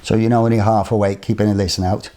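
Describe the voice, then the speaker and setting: A man's voice: on the low side, little pitch movement, fast, warm tone, slight background noise. A man telling a personal story in a rambling, colloquial way, often voicing his own past remarks. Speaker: interviewee recounting a personal ordeal. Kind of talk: casual spoken storytelling.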